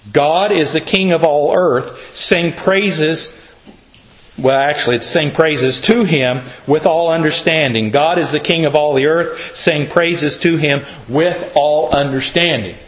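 Male preacher, fairly high voice, slow and deliberate, earnest teaching sermon, roomy muffled recording. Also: a bit bright. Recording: echoey, muffled room recording.

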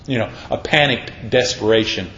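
A man's voice: fairly low pitch, moderate pace, a bit bright, a little hiss or hum. Guy giving a sermon, dramatic, voices the bible folks, roomy echo, kinda muffled. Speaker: preacher. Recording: echoey room, dull sound.

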